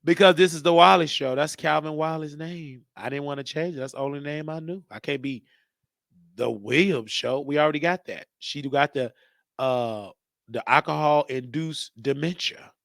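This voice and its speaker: A man's voice: a little high, normal speed, creaky, fairly bright tone, no echo, clean studio sound. A man hosting his own show, talking casually and rambling, joking and thinking aloud as he goes. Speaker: show host. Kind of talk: casual live-stream monologue.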